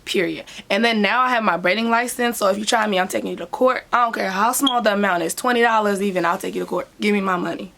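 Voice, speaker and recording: Brief: an animated woman vlogger with a raspy, fry-edged voice recounting a story to her viewers. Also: medium pitch, fast, few pauses. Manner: animated storytelling, talks with hands. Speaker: vlogger and hair braider. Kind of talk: casual storytime vlog.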